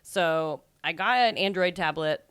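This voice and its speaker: Woman co-host, lower pitched, loose chatty delivery, dry close sound. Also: measured pace, fairly bright tone, clean tone, no echo. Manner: chatty, fills speech with "like". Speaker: podcast co-host. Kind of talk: casual chat about video games.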